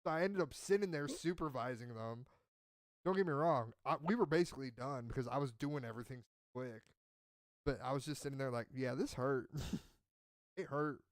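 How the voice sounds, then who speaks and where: A man's voice: medium pitch, normal speed, no echo. A man in casual chat who tells a rambling story and acts out what people said. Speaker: podcast host.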